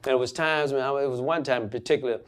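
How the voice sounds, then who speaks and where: A man, a pastor, telling his own story in an interview, earnest and animated, acting out the voices he quotes. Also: mid-range voice, very fast. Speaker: pastor and guest. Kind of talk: emotional personal storytelling.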